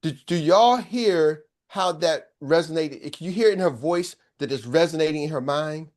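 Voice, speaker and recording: A man's voice: on the high side, moderate pace, a little mellow. A man on a group call who talks in an enthusiastic, emphatic way. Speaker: call participant. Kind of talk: casual chat on a call.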